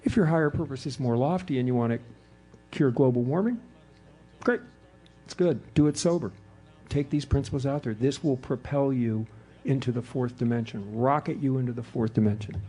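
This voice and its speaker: A middle-aged man speaking at a recovery meeting, telling his story with animated delivery and acting out the voices of the people in it. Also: medium pitch, husky. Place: hotel meeting room before an audience.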